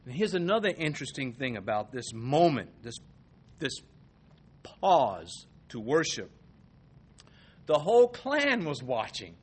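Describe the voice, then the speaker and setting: A man preaching an expository sermon, animated, swinging between soft asides and loud emphasis. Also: medium pitch, a little slow, long pauses, husky. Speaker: pastor.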